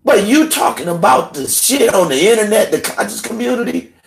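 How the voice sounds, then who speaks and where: A man rants on his livestream in a heated, profane voice, sliding from low muttering up to outright shouting. He sounds emotional, close to tears. His voice sits somewhat high for a man. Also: expressive, a little fast, gravelly, a little hiss or hum. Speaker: livestream host. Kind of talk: angry livestream rant.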